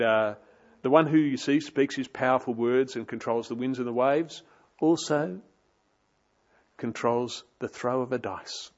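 A man's voice: medium pitch, highs cut off. A man preaching an expository sermon, dramatic with rising and falling emphasis.

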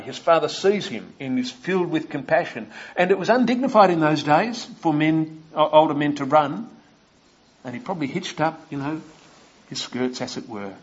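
Husky man preaching a sermon. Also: fairly high pitch, muffled recording. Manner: storytelling, asking the listeners questions.

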